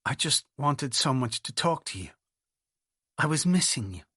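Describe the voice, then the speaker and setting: A man's voice: mid-range voice, lively intonation, moderate pace, bright, forceful tone, slightly rough, no room sound, clean studio sound. A man reading as a tearful, pleading young wife. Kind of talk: audiobook dialogue reading.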